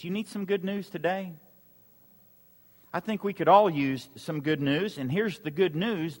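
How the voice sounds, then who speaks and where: A man preaching in a high, bright register, repeating a question back to his congregation again and again. His words ring out with a long reverb that fills the large hall. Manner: repetitive call-and-response preaching. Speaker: pastor. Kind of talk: sermon. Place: church sanctuary.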